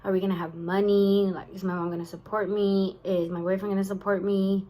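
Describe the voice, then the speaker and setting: A woman's voice: medium pitch, flat delivery, a little fast, warm tone, poor audio. A young woman telling a personal story in a casual vlog, tired-sounding and full of fillers and swearing. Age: young adult. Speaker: vlogger.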